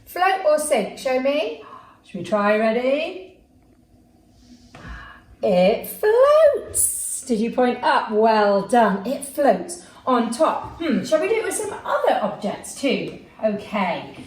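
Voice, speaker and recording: A woman teaching a lively class for young children, in a sing-song, encouraging way, calling out actions for them to copy. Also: fairly high pitch, unhurried. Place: home room with a child helper. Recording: echoey room, mic at a distance.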